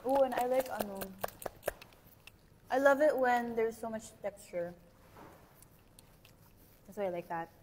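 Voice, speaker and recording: A woman's voice: fairly high pitch, a little slow, pauses often, a little mellow. A young woman, chatting playfully and giggling while tasting food with a friend. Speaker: group member tasting food. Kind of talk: casual chat. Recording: faint noise, long reverb.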